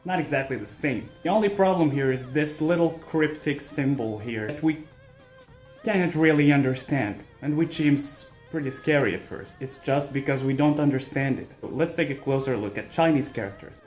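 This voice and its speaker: A man narrating a scripted language tutorial with wry, deadpan jokes. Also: mid-range voice, moderate pace, faint music behind.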